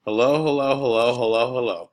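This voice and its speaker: A man reading a storybook aloud, voicing a bossy, loud schoolgirl who teases and shouts. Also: measured pace, close to an everyday voice. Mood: teasing. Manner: shrill, teasing, loud.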